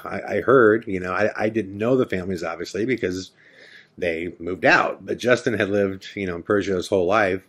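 A man hosting a podcast, telling a personal ghost story with lots of quoted back-and-forth dialogue. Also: low voice. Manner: retelling the scene with quoted dialogue, many "I'm like" asides. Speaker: podcast host.

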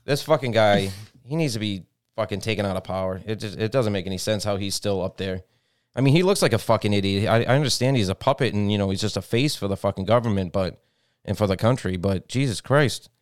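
A man's voice: fairly low pitch, quick pace, clear, resonant tone, dry recording, studio quality. A man co-hosting a casual political podcast, blunt and profane, who reads news headlines aloud. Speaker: podcast co-host.

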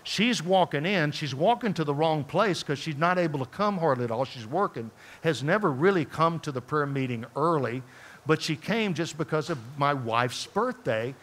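A man preaching, telling a personal story in a conversational, animated way and asking the congregation questions as he speaks to them in church. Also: a little high, moderate pace. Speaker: pastor. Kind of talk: storytelling sermon. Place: church sanctuary before a congregation.

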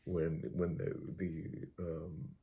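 Guest, male, lowish voice, animated storyteller who acts out sounds and restarts sentences. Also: extremely slow. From Utah. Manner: acts out sounds and quoted lines, often restarts. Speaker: interview guest.

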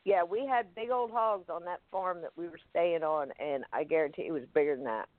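Guest storyteller on a phone line: halting and vivid, with restarts. Dry, tinny sound. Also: mid-range voice, no echo. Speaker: guest recounting an experience. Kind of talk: first-person storytelling in an interview.

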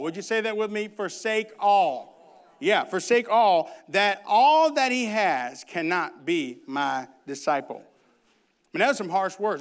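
A man preaching a sermon and reading scripture, emphatic, with loud bursts and hushed asides, and humorous conversational stories. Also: sits high. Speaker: pastor.

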